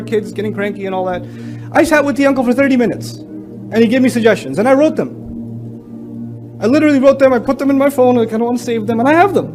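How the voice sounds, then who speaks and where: A man with a very high-pitched voice delivers a lively sermon to young people, acting out family quotes in an even higher voice. Music plays clearly beneath his talk. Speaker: Islamic speaker. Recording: lecture with music underneath.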